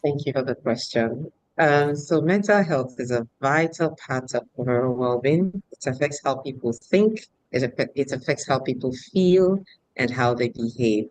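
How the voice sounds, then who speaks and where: A woman panelist answering a question in a measured, explanatory way. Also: a bass voice, a little mellow, dry recording, poor audio.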